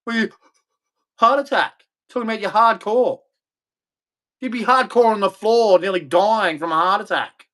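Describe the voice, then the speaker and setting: A man's voice: high voice, moderate pace, pauses often, sharp tone. A middle-aged man, hosting and ranting bluntly, mocking others and acting out their voices. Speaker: host. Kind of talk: opinionated rant.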